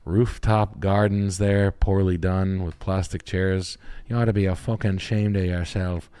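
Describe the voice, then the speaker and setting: A man hosting a live stream and reviewing house listings in casual chat, excitable and full of profanity as he jokes and riffs. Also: sits low, a little slow, clean tone. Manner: excitable, heavily profane, jokey riffing. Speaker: realtor and stream host.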